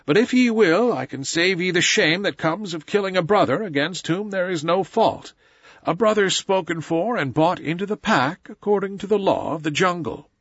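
A man's voice: sits high, animated, normal speed, fairly bright tone, slightly rough, dry recording, pitched above the performer's own voice, exaggerated voice. A man voicing a weary, solemn old male wolf who leads the pack, in a slightly dull recording.

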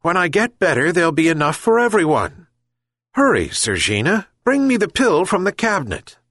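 Man putting on an old fisherman yelling for his cat, high and begging. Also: big pitch swings, normal speed, husky, no room sound, clean studio sound, full character voice. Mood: calling. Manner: calling out, pleading. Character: old fisherman, kind and pleading.

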